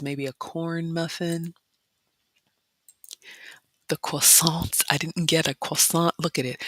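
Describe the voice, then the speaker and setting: A woman's voice: low voice, no room sound. Chatty woman with a drawl. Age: adult mother. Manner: chatty, whispers in excitement. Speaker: vlogger. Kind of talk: casual chat narrating photos, reading live comments.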